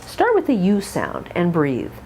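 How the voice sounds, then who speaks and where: A woman teaching a pronunciation lesson, modeling long drawn-out words and giving short coaching tips. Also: fairly low pitch, huge pitch swings, a little mellow, slight background noise. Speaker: accent coach.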